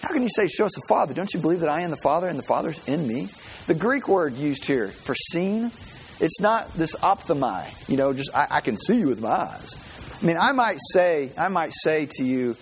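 A man's voice: a little high, sing-song, moderate pace, a little hiss or hum, rough recording. A man preaching a sermon, earnest and conversational, often repeating words as he builds a point. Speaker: pastor.

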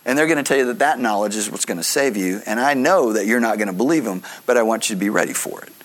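A man's voice: lowish voice, expressive, fast talker. A man preaching a sermon, explaining scripture in an earnest teaching manner with conversational asides. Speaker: pastor.

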